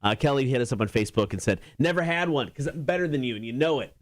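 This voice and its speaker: A male co-host on a morning radio show, chiming in with quick reactions and calling out the time. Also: mid-range voice, lively intonation, no echo. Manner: quick reactions and time cues, laughs along. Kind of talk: casual morning show chat.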